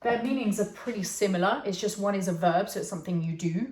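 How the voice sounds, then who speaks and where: A quick-paced, slightly mellow woman's voice of medium pitch leads an online English class. She checks in patiently with "okay" and "yeah" as she explains, and the space sounds echoey.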